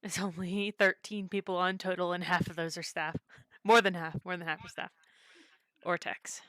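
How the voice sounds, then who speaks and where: Bright, clear-voiced woman streamer. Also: fairly low pitch, flat delivery, moderate pace, no room sound. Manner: chatty, rambling with many fillers. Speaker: streamer and server host. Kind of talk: casual live-stream chat.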